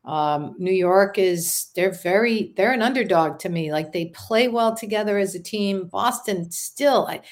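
A chatty woman co-host on a sports talk show, with a voice of middling pitch. She laughs easily and thinks aloud with plenty of fillers as she makes her picks. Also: measured pace, few pauses. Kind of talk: casual sports chat.

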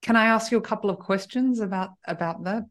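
A woman hosts an interview and thanks her guest gently before asking her next questions. Her tone is soft and appreciative, and her voice sits at an ordinary middle pitch. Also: fast. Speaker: host.

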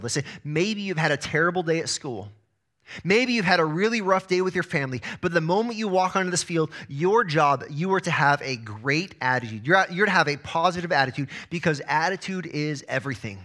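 A man in his thirties preaching a sermon as pastor, energetic, often repeating words as he starts a phrase. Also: fairly high pitch, moderate pace.

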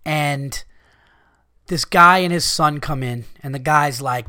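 Speaking slowly in a fairly high, bright, forceful voice, a man hosts a podcast from a clean, dry studio. Still getting over being sick, this father of young kids vents to his audience with cursing frustration.

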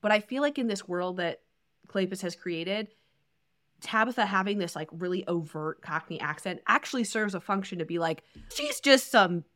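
Animated woman discussing a novel. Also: lowish voice, moderate pace. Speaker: podcast co-host. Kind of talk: casual book discussion.

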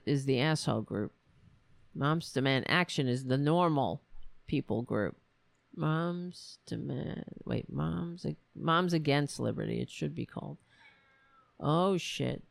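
Drawling, gravelly-voiced woman ranting. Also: low voice, animated, unhurried, no room sound. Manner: sarcastic, profane, exasperated. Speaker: political commentary host. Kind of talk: casual political rant.

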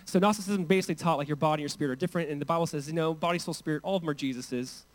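Young male pastor, high-pitched, casual conversational sermon delivery. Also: racing. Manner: conversational, animated, frequent "like" asides.

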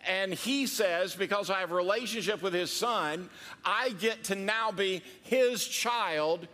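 A male pastor preaching in a bright, forceful voice that sits high for a man. He keeps it conversational and joking, and his words ring out with a long hall reverb. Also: unhurried. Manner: conversational and joking, with quoted asides. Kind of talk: sermon.

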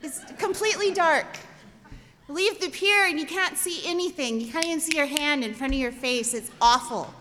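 A woman telling a comic personal story, animated and self-deprecating, with exasperated asides. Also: high voice, normal speed. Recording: long hall reverb.

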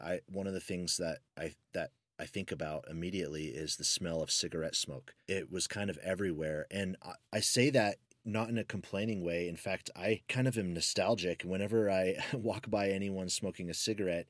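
American guy co-hosting a podcast, lowish voice, dry close mic, laid-back storytelling. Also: dry recording. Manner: relaxed anecdotal storyteller, chuckles often. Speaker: podcast co-host. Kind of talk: casual storytelling chat.

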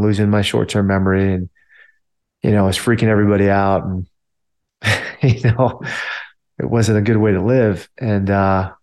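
In a voice on the low side with a darkish tone, a man who served in the army recounts a story. His delivery is relaxed and filler-heavy, full of "like" and "you know."

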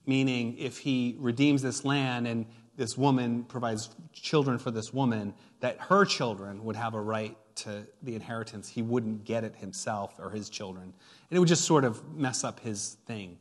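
A man's voice: medium pitch, moderate pace, fairly bright tone. A man preaching a sermon as pastor, retelling a story with playful asides and emphatic build-ups. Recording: long hall reverb.

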